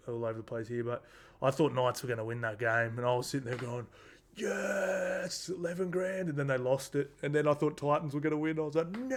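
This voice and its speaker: A man, rambling casually through a rugby league round recap with lots of fillers and asides. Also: mid-range voice. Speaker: sports tipping vlogger.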